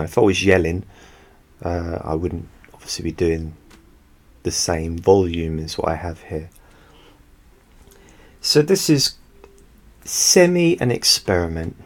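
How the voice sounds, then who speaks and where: A hypnotist speaking softly and unhurriedly to his listeners from home, rambling a little as he talks. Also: sits low. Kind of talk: soft-spoken talk to listeners. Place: home, quiet room. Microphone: studio microphone.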